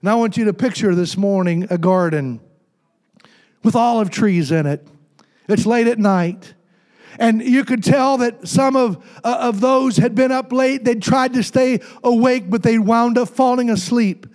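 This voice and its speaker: A man's voice: very high-pitched, a little slow, darkish tone. A man preaching a sermon, reading scripture and tossing call-and-response asides to the congregation, with the occasional joke. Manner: jokes with congregation. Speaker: pastor.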